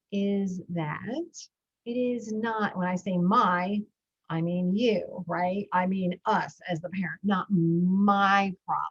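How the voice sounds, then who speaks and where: A woman's voice: fairly low pitch, dull audio. A middle-aged woman, a parenting coach, talking in a reflective, storytelling way about her own family life. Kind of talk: podcast talk with a guided breathing moment.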